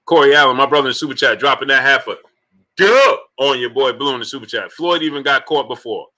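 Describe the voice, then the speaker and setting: A man's voice: medium pitch, quick pace. A man hosting a live-streamed sports talk show, arguing his points with emphatic repetition and greeting chat viewers by name. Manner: animated, rhetorical, repeats points emphatically.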